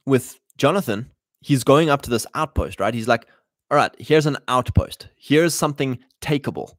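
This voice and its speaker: A man's voice: medium pitch, no room sound. Blunt, exhorting man, dry close sound. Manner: blunt, exhorting, retells Bible stories in slang. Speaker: podcast host addressing men. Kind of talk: casual preaching talk.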